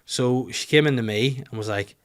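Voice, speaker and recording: A man's voice: mid-range voice, moderate pace. A man in his thirties with a Northern Irish accent, hosting a podcast and rambling through a comic story, swearing freely. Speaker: comedian podcast host. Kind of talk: casual comic monologue.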